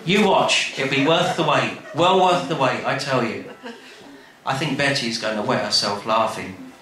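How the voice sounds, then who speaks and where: A man telling a comic story in a chatty, animated way, speaking straight to the listener. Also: mid-range voice, unhurried. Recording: very echoey room, faint noise.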